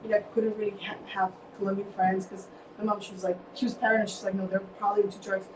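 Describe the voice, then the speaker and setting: A woman's voice: medium pitch, little pitch movement, fast. A woman joining a casual group discussion, chatty and full of "like.". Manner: chatty, says "like" a lot. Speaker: discussion participant. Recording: echoey room, mic far off, clear noise.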